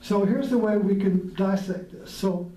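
A man's voice: high-pitched, fairly even intonation, measured pace, dark tone. A man hosting a casual spiritual talk, reflective and rambling, chuckling often as he explains. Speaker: podcast host. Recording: roomy sound from a distant mic.

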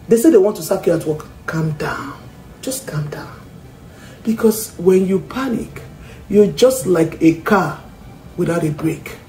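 A woman's voice: mid-range voice, dark tone. A woman giving an earnest devotional message as a Christian speaker, talking emphatically to her listeners. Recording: roomy echo with faint ambience.

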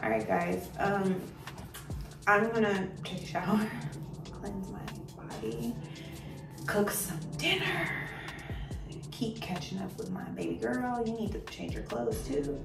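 A woman's voice: mid-range voice, slow, creaky, pauses often. A woman vlogger in her thirties chatting casually with her daughter, acting out quotes as she tells funny stories. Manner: animated storyteller, acts out quotes. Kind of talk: casual chat. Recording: echoey room, far from mic, music behind.

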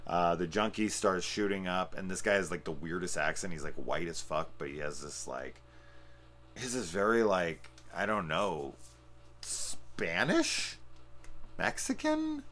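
A man giving a casual, rambling film review, swearing often and getting excited as he talks. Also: low voice, unhurried. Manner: profane, excitable, rambling with fillers. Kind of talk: casual spoiler discussion.

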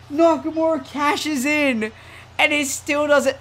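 A man giving casual, slangy commentary over a wrestling video game, swinging from low muttering to excited shouts. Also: slow pace. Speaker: gaming YouTuber.

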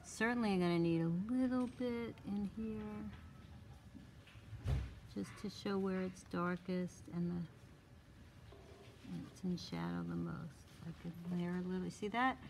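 Woman art teacher, live demonstration, low gravelly voice, thinking aloud, coaxing short cues. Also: steady tone, measured pace, long pauses, darkish tone, a little hiss or hum. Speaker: drawing instructor. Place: classroom with a small audience.

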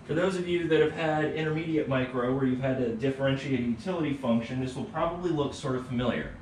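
Relaxed man teaching math in a roomy room. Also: mid-range voice, fast talker. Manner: relaxed, tags points with "right?". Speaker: economics teacher. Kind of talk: casual math lecture. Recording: roomy, distant mic, faint background hum.

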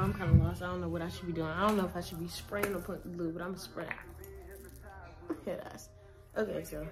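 While installing a wig, a young woman vlogger tells a storytime in a casual, animated way, packed with slang and acted-out dialogue from other people. Her voice is medium in pitch, and hip hop music plays behind her.

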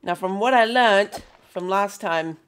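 A young woman chatting excitedly through a gameplay session, calling out playful greetings to characters in the game. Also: mid-range voice, measured pace, clean tone. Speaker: gaming video host. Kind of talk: casual gameplay commentary.

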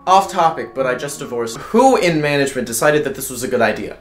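A man's voice: medium pitch, lively intonation, quick pace, close to an everyday voice. A man voicing a flustered, newly divorced mother searching for her son, rambling and breaking into shrieks. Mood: frantic. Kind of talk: comedic role-play over gameplay. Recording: roomy sound with game music.

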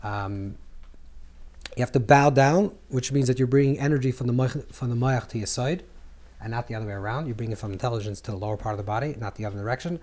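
A man teaching a Kabbalah lesson to a live group, animated, repeating words as he searches for phrasing and acting out scripture dialogue. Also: fast. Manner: acts out scripture dialogue with swings in pitch and volume.

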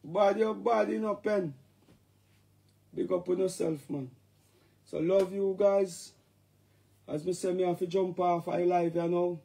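A man with a Jamaican accent, rambling casually to his fans on a live stream and breaking into shouted catchphrases. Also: high voice, fairly even intonation, measured pace, creaky, long pauses. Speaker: dancehall artist talking to fans.

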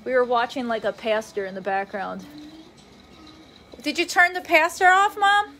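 A woman's voice: fairly high pitch, lively intonation, normal speed, bright, forceful tone, slight background noise. A young woman in casual, rambling live-stream chat from her family home at night, reading out viewer comments. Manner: rambling, chatty, scattered.

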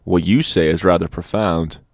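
Eccentric old doctor, calm and clinical, low voice, dry close sound, read by a man. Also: normal speed, gravelly, dry recording. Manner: quizzical, clinical, matter-of-fact. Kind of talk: audiobook character reading.

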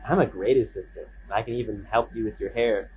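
A man's voice: on the low side, fairly even intonation, brisk, darkish tone, slight background noise, rough recording. Rambling man coaxing his pet. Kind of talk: casual home video, talking to a pet.

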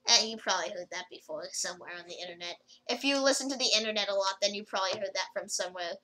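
A woman's voice: mid-range voice, racing, sharp tone, poor audio. A woman rambling casually through a gameplay video, with lots of fillers and restarts as she comments. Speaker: gaming video creator.

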